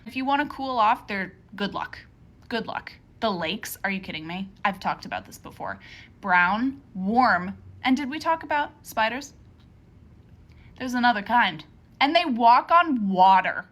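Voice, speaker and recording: A woman's voice: on the high side, lively intonation, measured pace, a bit bright. A woman ranting to the camera in a sarcastic, exasperated comic tone.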